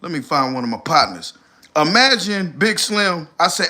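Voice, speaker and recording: Guy streaming roasts, bright voice, swings all over the place. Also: a little high, normal speed. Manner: animated, shouting impressions. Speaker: streamer host. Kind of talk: comedic livestream roast.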